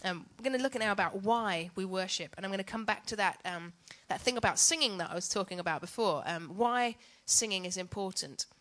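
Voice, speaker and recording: A woman's voice: mid-range voice, brisk, few pauses, fairly bright tone. A woman giving a chatty, self-mocking teaching talk on worship to church leaders.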